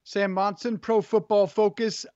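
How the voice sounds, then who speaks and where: A male sports podcast host with a high voice reads promos and teases his guest in brisk patter. The studio sound is very dry and a little dull. Faint music runs underneath. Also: level tone, a little mellow, no echo. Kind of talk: sports radio talk.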